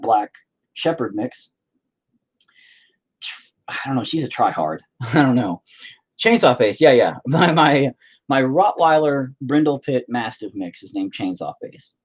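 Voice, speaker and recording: Husky, rambling middle-aged man vlogging. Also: medium pitch, darkish tone. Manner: rambling, profane, sarcastic. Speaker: vlogger, band vocalist. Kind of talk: casual chat vlog.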